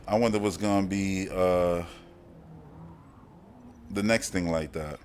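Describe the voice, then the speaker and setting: A man from Brooklyn, New York, with a Brooklyn accent hosts a casual live-stream chat as a podcast host, rambling in slang and laughing often. His deep voice has a steady, darkish tone and a slow pace, with faint music behind him.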